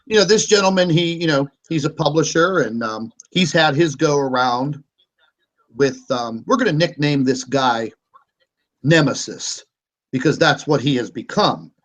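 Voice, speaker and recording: A man's voice: a little high, animated, a little slow, a bit bright. A man hosting a casual online panel chat over a video call, talking in a meandering, hesitant and sarcastic way. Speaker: show host.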